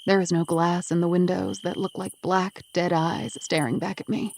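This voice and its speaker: A woman's voice: fairly low pitch, little pitch movement, normal speed, gravelly, darkish tone, slight background noise. A woman narrating a first-person audiobook with an intense, emotional delivery.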